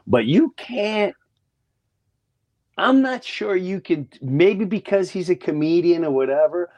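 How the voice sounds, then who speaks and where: A man's voice: a little high, animated, a little slow. A man co-hosting a casual talk show, speaking animatedly and mimicking other people's voices. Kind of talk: casual conspiracy chat.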